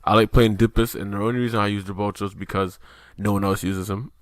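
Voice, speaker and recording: Low-voiced casual male podcaster. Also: fairly even intonation, quick pace, no echo. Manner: loose, profane, rambling with many fillers. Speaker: podcast co-host.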